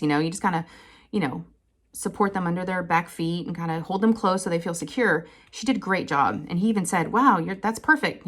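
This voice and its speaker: A woman, chatting casually to her viewers and telling an animated family story with frequent laughter. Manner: chatty, animated, laughs often, quotes people in higher voices. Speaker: crafting channel host.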